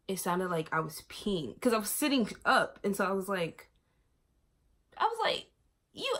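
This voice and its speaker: A young woman from Miami, a vlogger sitting on her bed and telling a story in casual chat. She acts out quoted lines with big jumps in pitch and volume. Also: creaky, fairly bright tone. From Miami, USA.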